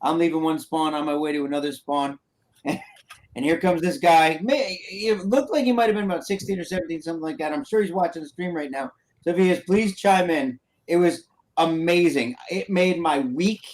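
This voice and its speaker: A man co-hosting a casual podcast, telling stories in an animated, rambling way. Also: on the high side, a little fast. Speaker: podcast co-host.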